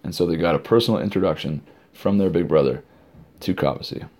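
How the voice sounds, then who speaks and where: Deep-voiced man telling camp stories. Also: fast. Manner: animated storyteller, acting out crowd shouts. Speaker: camp director. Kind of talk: informal podcast storytelling.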